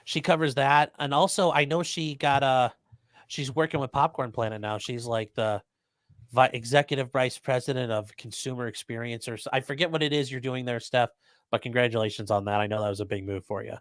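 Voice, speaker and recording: Halting male livestream host. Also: mid-range voice, no room sound, clean studio sound. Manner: halting, repeats words, reads super chats aloud. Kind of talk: casual livestream chat.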